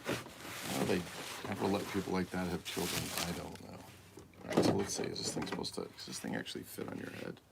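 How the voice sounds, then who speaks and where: A deep-voiced man with a gravelly, creaky edge, rambling casually as he assembles a toy on a livestream. He mutters to himself, swears under his breath and tosses out crude jokes. Steady background noise runs under his voice. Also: fairly quick. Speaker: toy collector livestream host. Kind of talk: casual unboxing livestream chat.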